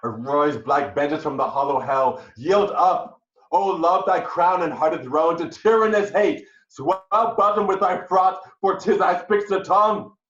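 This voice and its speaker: A man reading the part of a jealous, vengeful male general in an amateur Shakespeare reading, swinging between hushed brooding and raging outbursts. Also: medium pitch, a little slow, echoey room, highs cut off, close to an everyday voice. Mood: jealous rage.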